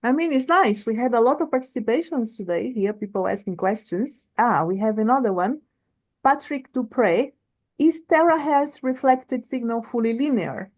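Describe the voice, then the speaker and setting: A woman hosts a seminar, moderating a live online Q&A over a video call, chatty and often restarting her sentences. Her voice is on the high side and a little mellow, animated, at a moderate pace.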